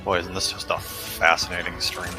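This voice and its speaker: A man's voice: deep voice, completely flat delivery, moderate pace, music in the background. A man chatting casually as a co-op gaming partner, making dry, sarcastic remarks. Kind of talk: casual gameplay chat.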